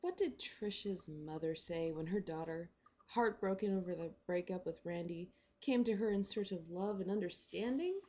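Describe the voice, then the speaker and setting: A woman's voice: fairly low pitch, moderate pace, dark tone, lo-fi sound. A woman reading a short story aloud in a wry, sardonic storytelling manner. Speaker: reader.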